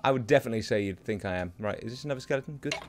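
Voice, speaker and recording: A man's voice: mid-range voice, rapid-fire. A young man giving chatty, rambling gameplay commentary as a let's play host, talking to the creatures in his game. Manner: chatty, rambling and self-mocking.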